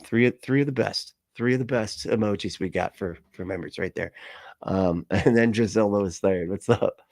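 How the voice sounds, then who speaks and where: A man's voice: lowish voice, moderate pace, darkish tone, no echo, studio quality. Sarcastic man hosting a livestream. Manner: sarcastic, laughing, rambling. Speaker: livestream host reacting to a video. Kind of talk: sarcastic casual livestream commentary.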